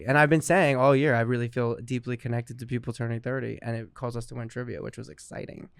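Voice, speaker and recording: Easygoing comedy podcast co-host, a man in his thirties with a smooth, resonant voice. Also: medium pitch, flat delivery, quick pace, no echo, studio quality. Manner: laughs often, easygoing. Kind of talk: casual comedic chat.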